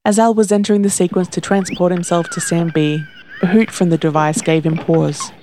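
A narrator reading a story aloud in a steady, even voice, doing every character themself. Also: mid-range voice, a little fast, slight background noise. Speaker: audiobook narrator.

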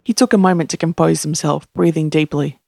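A narrator reading a story aloud in a steady, even voice, doing every character themself. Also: medium pitch, fairly quick, gravelly, no echo, clean studio sound. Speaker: audiobook narrator.

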